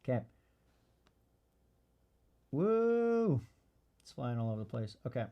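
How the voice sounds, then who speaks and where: A man's voice: very fast, creaky, muffled recording. A man hosting a podcast, talking bluntly in casual commentary while reading from a parenting book. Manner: animated, blunt, swears, acts out kids in high voices. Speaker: podcast host.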